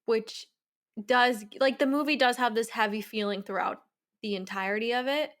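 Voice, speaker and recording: A woman's voice: on the high side, normal speed, fairly bright tone. A woman co-hosting a film review podcast, talking casually and laughing along with her friend. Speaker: podcast co-host.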